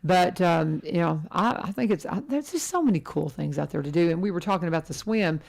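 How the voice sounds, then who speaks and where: A middle-aged woman hosting a casual radio chat, talking in a chatty, animated way and laughing often. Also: lowish voice, a little fast, gravelly. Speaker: radio host.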